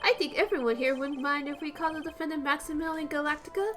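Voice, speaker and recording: A gentle elderly male judge played by a woman dithers through his lines in a mild voice. He sounds muddled but kind, a figure in a game dub. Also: high voice, steady tone, fast talker, pitched above the performer's own voice, close to an everyday voice. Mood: dithering.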